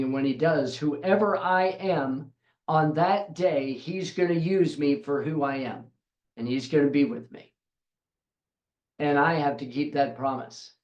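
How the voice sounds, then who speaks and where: Bible teacher, male, slightly high voice, emphatic and repetitive, roomy room sound. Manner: emphatic, repeats phrases for stress. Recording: roomy echo.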